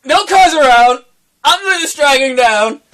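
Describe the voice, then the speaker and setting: A young man co-hosting a casual podcast, telling a wild story in an animated way, acting out the quoted voices and swearing freely. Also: extremely high pitch, unhurried. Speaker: podcast co-host.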